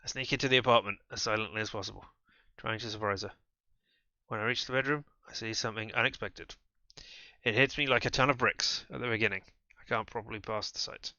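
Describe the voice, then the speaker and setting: Bright-voiced man reading a game aloud. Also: lowish voice, steady tone, fast, no echo, highs cut off. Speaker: streamer.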